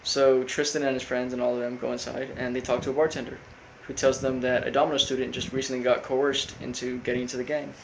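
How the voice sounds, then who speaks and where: A man casually recapping a cartoon episode, rambling with lots of fillers and flat quoted lines. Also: mid-range voice, quick pace, vocal fry, few pauses, a little hiss or hum, low-quality recording. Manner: rambling, full of fillers, quotes characters flatly. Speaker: recap host.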